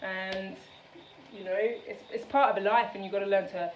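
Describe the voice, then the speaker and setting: A woman's voice: medium pitch, steady tone, moderate pace, a little hiss or hum. Chatty woman in a roomy kitchen. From United Kingdom. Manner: chatty and rambling, many fillers. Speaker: vlogger. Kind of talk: casual cooking vlog chat. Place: home kitchen. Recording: roomy kitchen, mic at a distance, faint background.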